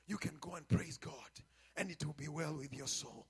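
A man preaching as a pastor, building from quiet teaching into shouted, half-sung exhortation and calls to the congregation. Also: a little high, moderate pace, slightly rough. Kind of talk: sermon.

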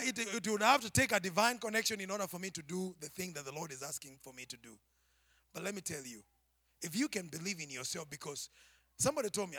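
A man preaching a sermon to his church, swinging from shouted climaxes to hushed, near-whispered asides. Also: sits high, no echo, clean studio sound.

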